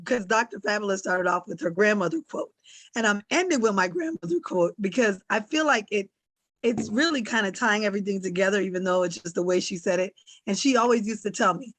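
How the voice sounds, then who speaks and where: A woman's voice: medium pitch, animated, fairly quick, no echo. A woman on a talk panel, speaking in a reflective, storytelling way. The recording is dry and close, with no room sound. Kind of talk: casual discussion.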